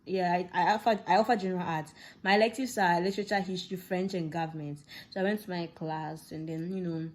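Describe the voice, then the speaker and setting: A woman's voice: on the low side, fast talker, hardly any pauses. A young woman with a Ghanaian English accent, telling a casual personal story and acting out the dialogue with laughs. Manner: animated, laughing, acts out dialogue. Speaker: vlogger.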